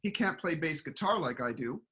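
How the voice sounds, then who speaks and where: A middle-aged man and performance coach, talking in a casual interview as an animated storyteller who acts out quoted voices. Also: on the high side, moderate pace. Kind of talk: casual motivational interview talk.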